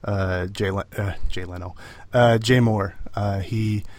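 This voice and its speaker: A man's voice: on the low side, fairly even intonation, measured pace, darkish tone, dry recording. A man co-hosting a podcast in casual chat, rambling with many fillers and restarts. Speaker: podcast co-host.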